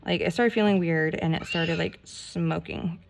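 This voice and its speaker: A woman telling a rambling, animated story in a casual storytime vlog while she does her nails, full of "like" and mild swearing. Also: fairly low pitch, unhurried, crowd noise. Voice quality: gravelly, creaky voice. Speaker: nail vlogger.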